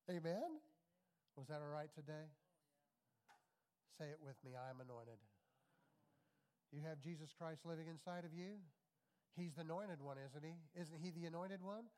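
A man's voice: on the high side, a little mellow. A middle-aged man preaching a sermon, emphatic, with call-and-response and repeated phrases. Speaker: pastor.

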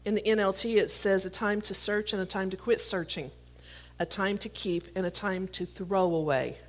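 Speaking at a moderate pace with a steady, medium-pitched voice, a woman preaches to her congregation. She reads scripture and illustrates the sermon with live props, playfully joking with the audience as she catches them.

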